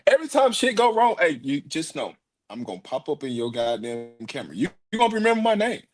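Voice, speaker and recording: Male sports guest, high and lively, brags and laughs through his takes. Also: quick pace. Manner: boastful, laughing, animated hype. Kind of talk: sports commentary podcast.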